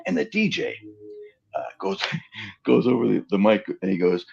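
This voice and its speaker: A man's voice: lowish voice, moderate pace, creaky, slightly rough, dull audio. A middle-aged man guesting on a live-stream interview, animatedly telling anecdotes and acting out the dialogue of others. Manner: animated storyteller who acts out quoted dialogue. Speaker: interview guest, film stand-in and double. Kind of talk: casual anecdotal storytelling. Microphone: remote live-stream call.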